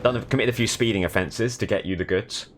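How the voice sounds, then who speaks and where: A young man from southern England, his voice lowish and a bit fast, chats casually while streaming a driving game. His commentary is dry and sardonic. There's a little hiss or hum in the recording.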